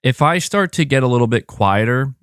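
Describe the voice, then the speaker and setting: A man hosting a gaming podcast in casual chat, reading viewer comments and talking in a monotone voice with a slightly sore throat. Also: mid-range voice, brisk, clean tone, no room sound, studio quality. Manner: rambling, restarts phrases, reads viewer comments aloud. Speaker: podcast host.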